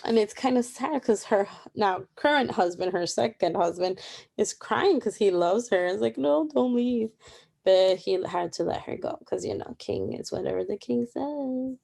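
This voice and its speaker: A woman's voice: mid-range voice, lively intonation, moderate pace, gravelly, mellow, husky. Chatty young woman reading the Bible. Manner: chatty and informal, many fillers and asides. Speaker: Bible reading plan presenter. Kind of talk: casual Bible study commentary.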